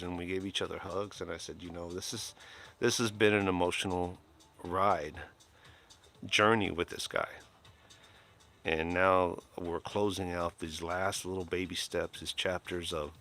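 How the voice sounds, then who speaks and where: A man's voice: sits low, normal speed, bright, forceful tone. An older man casually chatting to his viewers, rambling and heartfelt with lots of fillers and restarts. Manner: emotional, kind-hearted. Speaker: live streamer.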